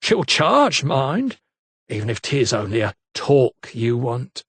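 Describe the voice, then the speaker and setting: A man's voice: sits high, sing-song, takes it slowly, creaky, fairly bright tone, slightly rough, no room sound, voice pushed up, exaggerated voice. A man playing a cackling coarse tavern bawd. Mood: mocking. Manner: mocking, knowing.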